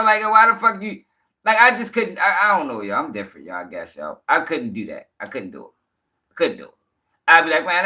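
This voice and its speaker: Slangy commentary host, man, high bright voice, animated profane ranting. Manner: animated, slangy, swears a lot, laughs. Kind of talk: casual reaction commentary.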